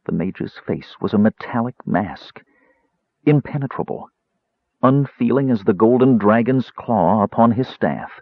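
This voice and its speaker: A man narrating a fantasy audiobook in a measured, expressive storytelling manner. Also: fairly low pitch, slightly rough, dry recording. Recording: dull lo-fi dry recording.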